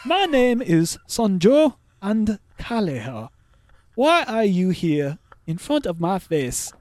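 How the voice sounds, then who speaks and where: A man voicing an angry man who shouts threats in an exaggerated put-on foreign accent. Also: high-pitched, sing-song, slow pace, no echo, pitched above the performer's own voice, exaggerated voice.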